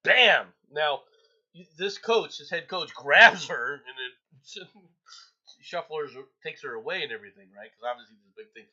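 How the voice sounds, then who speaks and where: Animated man reading the news. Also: on the high side, moderate pace. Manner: animated, exclaiming, reads headlines. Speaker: podcast host. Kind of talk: casual news commentary. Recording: dull lo-fi sound.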